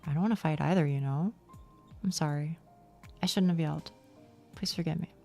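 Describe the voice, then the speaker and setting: A woman streamer voicing an earnest young heroine of a visual novel, speaking softly and pleading. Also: deep voice, fairly quick, vocal fry, faint music behind. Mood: pleading, apologetic. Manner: soft, pleading.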